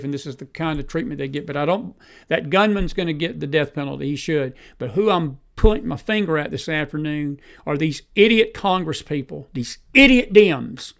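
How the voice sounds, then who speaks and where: A man's voice: on the high side, vocal fry, fairly bright tone. A man hosting live political commentary, rambling as he searches for a statement, then heated and emphatic. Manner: fumbles and self-talks while searching. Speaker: host.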